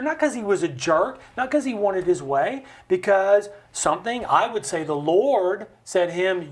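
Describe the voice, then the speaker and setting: Host, fifties; raised pitch, emphatic preacher-like delivery, acts out quotes. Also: male voice. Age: 50s. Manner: emphatic, animated storytelling with voiced quotes. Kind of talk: conversational podcast talk, preaching-style. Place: recording studio.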